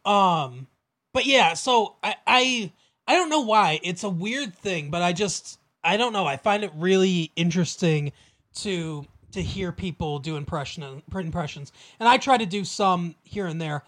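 A young man with a high voice co-hosts a podcast in loose casual chat. He rambles and restarts his sentences, and he laughs easily. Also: lively intonation, measured pace, a bit bright. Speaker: podcast co-host.

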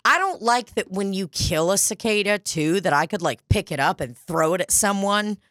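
A woman's voice: mid-range voice, moderate pace, dry recording, studio quality. A woman co-hosting a podcast in casual chat, telling stories animatedly, with lots of swearing and acted-out quotes. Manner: animated storyteller, swearing, acting out quoted voices. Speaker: podcast co-host.

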